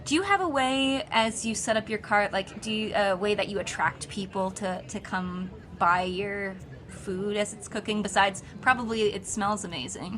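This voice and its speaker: A woman's voice: medium pitch, moderate pace, hardly any pauses, a bit bright. A woman narrating as game master for a tabletop role-playing game, chatty with many fillers and restarts.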